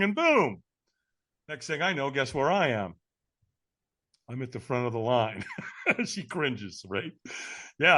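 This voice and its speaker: A man, a guest speaker, telling a story in an energetic, emphatic way and laughing often. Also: fairly high pitch. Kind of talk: animated storytelling.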